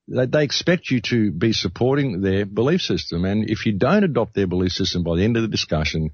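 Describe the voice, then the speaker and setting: Deep husky announcer. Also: male voice, no room sound. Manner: earnest, rambling with frequent restarts. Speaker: radio announcer. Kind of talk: casual podcast discussion. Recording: dull lo-fi, dry sound.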